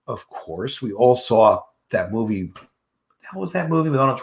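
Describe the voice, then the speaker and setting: A male YouTube commentator reads out a news story in a casual style and keeps interrupting it with jokes. His pitch swings widely and sits in a mid-range register. His tone is sarcastic and playful. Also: very animated, moderate pace, gravelly. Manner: joking, sarcastic asides.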